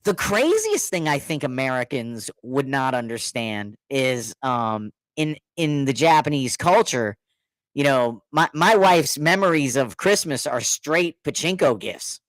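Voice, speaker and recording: A middle-aged man telling a story in casual chat, animated, laughing often and acting out what others said. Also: medium pitch, unhurried, no echo. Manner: animated, laughing, repeats words, acts out quotes.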